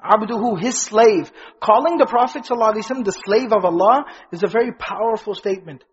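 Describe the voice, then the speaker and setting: A man's voice: sits high, quick pace, slightly rough, highs cut off. A man teaching a religious lesson to an audience in front of him, asking questions and repeating key phrases with stress. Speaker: Islamic teacher. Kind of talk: religious lecture.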